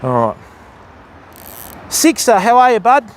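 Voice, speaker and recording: A man's voice: extremely high pitch, huge pitch swings, a little slow, slight background noise. An Australian man live-streaming his fishing on a phone, chatting in a matey, easygoing way and greeting viewers by name. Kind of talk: casual live-stream chat.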